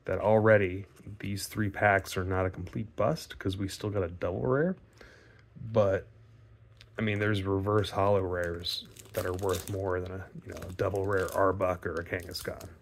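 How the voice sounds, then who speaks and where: A man's voice: deep voice, fairly even intonation, normal speed, vocal fry, slight background noise. A man casually commenting as he opens trading card packs, chatty and laid-back with joking asides. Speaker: card-opening video host. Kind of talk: casual pack-opening commentary.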